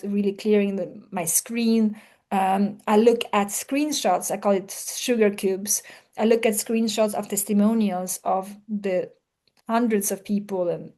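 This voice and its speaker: A woman's voice: mid-range voice, dark tone. A woman business coach giving a live talk to a group, earnest, often rephrasing herself mid-sentence and acting out her clients' worried thoughts.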